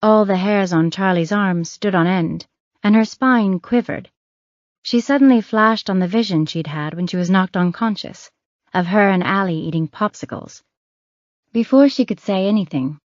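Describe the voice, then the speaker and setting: A woman reading an audiobook thriller in a measured, even scripted narration. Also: mid-range voice, dry recording. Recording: dry, muffled.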